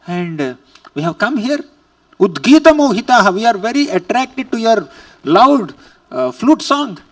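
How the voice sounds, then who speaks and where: A man's voice: high voice, big pitch swings, moderate pace, distant mic, pitched above the performer's own voice. A man voicing young women devotees who plead and reproach their beloved Lord.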